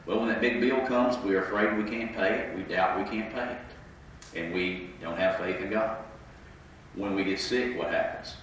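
A man's voice: lowish voice, normal speed, a bit bright, far from the mic, a little hiss or hum. Man preaching, congested sinuses, asks the room questions, very echoey hall, mic set back. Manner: conversational, asks the congregation questions. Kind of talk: interactive sermon. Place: church sanctuary.

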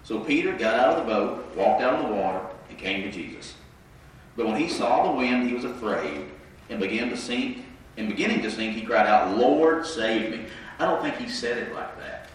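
A man's voice: medium pitch, expressive, a little fast, slight background noise. A man preaching an interactive sermon, conversational and questioning the congregation, with a congested voice from his sinuses. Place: church sanctuary. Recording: echoey room mic from a distance.

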